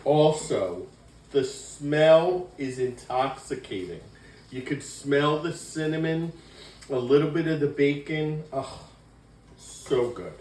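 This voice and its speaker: A man hosting a casual home cooking vlog, chatting slowly and warmly to viewers as he cooks. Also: on the high side. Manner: slow, homey, talks to viewers while cooking. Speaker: cooking show host. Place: home kitchen. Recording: echoey kitchen, mic far off.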